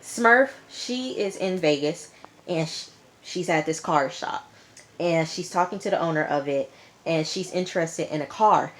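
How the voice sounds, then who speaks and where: A woman's voice: low-pitched, unhurried. A woman casually recapping a TV episode in a chatty, slangy, emphatic way, with frequent fillers. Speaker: TV show reviewer.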